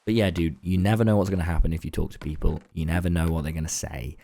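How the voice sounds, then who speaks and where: A man's voice: deep voice, fairly even intonation, fast talker, vocal fry, dark tone. A young man chatting casually in a late-night vlog, rambling and laid-back and swearing now and then. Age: young adult. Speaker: online content creator.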